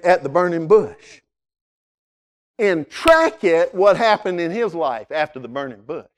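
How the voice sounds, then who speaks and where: Preaching in a high voice, the male pastor is forceful, alternating booming proclamations with quiet pleas, and he frequently repeats words at the start of phrases.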